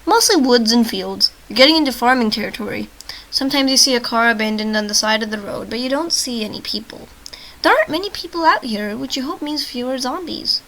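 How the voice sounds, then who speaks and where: A woman's voice: on the high side, brisk, a bit bright, rough recording. A woman hosting a gaming channel reads a text adventure game aloud. She trips over words and breaks off into joking side comments, and she says she is short on sleep. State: tired from little sleep.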